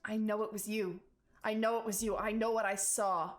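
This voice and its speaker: A woman voicing a frightened, grieving rabbit-folk mother who sobs out shrill, insistent accusations. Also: level tone, normal speed, lightly acted.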